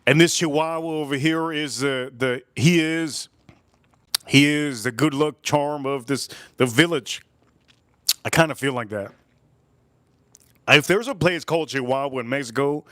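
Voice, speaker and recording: A man hosting a live drink-tasting stream in casual chat, rambling and joking as he tells stories, with quick bursts and slow, drawn-out remarks. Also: fairly bright tone, dry recording. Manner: slips into high put-on voices for quoted people.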